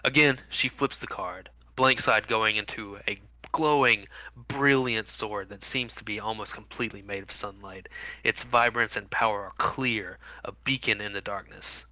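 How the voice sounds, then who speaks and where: A man's voice: on the low side, normal speed, bright, forceful tone, no echo, low-quality recording. A man narrating as dungeon master of a tabletop game, describing scenes vividly with frequent fillers.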